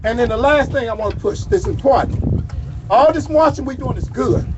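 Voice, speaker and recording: A man giving a fiery shouted speech to a crowd at an outdoor protest march, calling out to them like a preacher. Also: extremely high pitch, moderate pace, noisy background. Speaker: rally speaker. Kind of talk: shouted street rally speech. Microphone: phone recording from the crowd. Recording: muffled phone recording outdoors.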